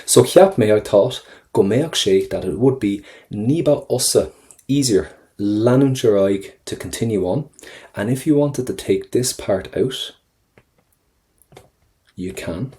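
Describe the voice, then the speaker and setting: A man teaching an exam-prep lesson over a screen recording, chatty and encouraging, repeating phrases slowly for learners. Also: on the low side, animated, dark tone. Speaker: Irish language tutor.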